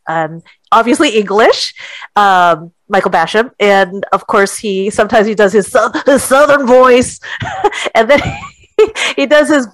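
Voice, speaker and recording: A woman's voice: medium pitch, no room sound, low-quality recording. A woman co-hosting a podcast, chatting casually and rambling with many restarts. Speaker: podcast co-host. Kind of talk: casual group chat.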